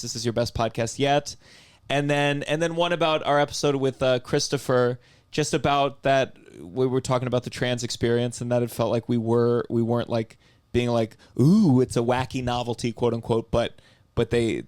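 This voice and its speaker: A man hosting a podcast in casual chat, joking with quick asides. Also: mid-range voice, clear, resonant tone, no echo. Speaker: podcast host.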